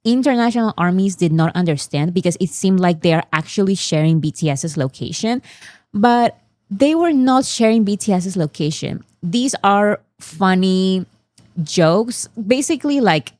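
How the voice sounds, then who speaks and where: A woman's voice: mid-range voice, lively intonation, normal speed, darkish tone, no echo, studio quality. A woman hosting a casual commentary, translating fan clips in a chatty way with fillers and restarts. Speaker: host.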